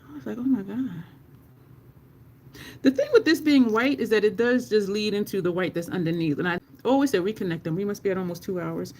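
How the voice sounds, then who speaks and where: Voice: mid-range voice, fast, hardly any pauses. A makeup livestream host chatting casually with viewers while applying makeup, laughing often and cursing now and then in conversation.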